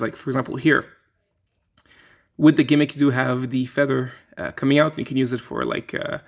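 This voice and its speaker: Guy with a gravelly voice doing a laid-back toy review, rambly, lots of ums and restarts. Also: mid-range voice. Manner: relaxed, rambling with fillers and restarts. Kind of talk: casual product review.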